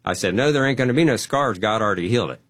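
A man telling a personal testimony story, animated and acting out the quotes. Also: lowish voice, quick pace. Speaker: guest.

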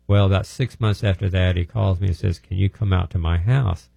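A man's voice: deep voice, fairly even intonation, fairly quick, vocal fry, warm tone, no room sound. A man telling healing testimonies in a plainspoken, folksy, rambling way. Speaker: healing ministry speaker. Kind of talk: testimony storytelling.

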